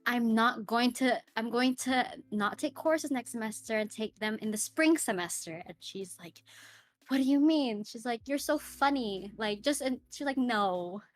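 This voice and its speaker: A woman's voice: a little high, moderate pace, hardly any pauses, dry recording, faint music behind. A young woman, a streamer and podcast guest, telling a personal story in a casual interview. She fills her talk with "like" and "right?" and acts out the lines of the people in it. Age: young adult. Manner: chatty, fills speech with "like" and "right?".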